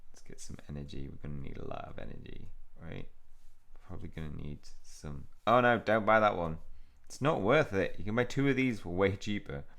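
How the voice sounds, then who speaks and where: A man's voice: sits low, vocal fry, fairly bright tone. A young man hosting a gaming channel, chatting casually and laughing as he plays and reads lines aloud. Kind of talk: casual let's play commentary.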